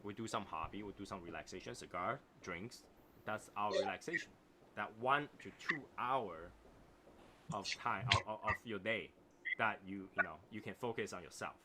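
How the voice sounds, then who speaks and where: A man's voice: lowish voice, normal speed, a loud crowd. A man with a non-native English accent hosting a casual livestream chat, reading viewer comments and reflecting in a rambling way, often asking "right?". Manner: reflective, rambling, repeats phrases and asks "right?". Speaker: host of a cigar livestream.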